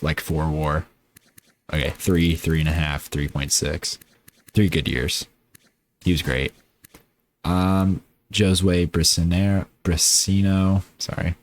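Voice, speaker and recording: A tired gaming YouTuber with a deep voice casually rambles through his baseball video game season, correcting himself as he goes in an offhand manner. A little hiss or hum sits under the recording.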